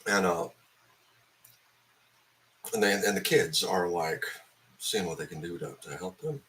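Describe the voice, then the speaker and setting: Hung-over man venting about a movie, foul-mouthed and rambling, with a bright, tense tone. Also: sits low, a little slow, a little hiss or hum. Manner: profane, angry, rambling with many fillers. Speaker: film reviewer. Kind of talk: ranting film review.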